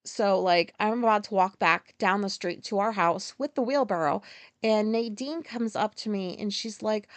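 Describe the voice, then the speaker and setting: A woman's voice: medium pitch, moderate pace, no room sound. A woman in her forties hosting a casual solo podcast, telling stories candidly, ranting and swearing freely. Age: 40s. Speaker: podcast host.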